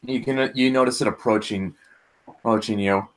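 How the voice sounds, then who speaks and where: A man's voice: fairly low pitch, steady tone, brisk. A man running a tabletop role-playing game as game master, laid-back and casual, laughing often. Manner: laid-back, laughs often, says "all right" a lot.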